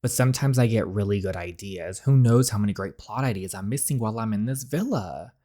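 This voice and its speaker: A friendly young islander guy from a dating game, easygoing and relaxed, as a man reads him out in his own voice. He keeps it matter-of-fact, with no big acting. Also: on the low side, fairly quick, lightly acted.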